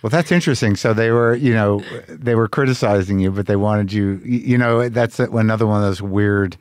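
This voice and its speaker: A man's voice: lowish voice, brisk, dry recording, clean studio sound. A man from New Mexico hosting a podcast, asking brief questions and prompting his guest. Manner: short prompting questions and backchannels. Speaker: podcast host. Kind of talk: casual interview conversation.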